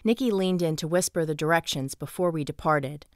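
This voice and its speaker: Low-voiced woman narrating an audiobook. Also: brisk, no echo, studio quality. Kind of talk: scripted first-person narration.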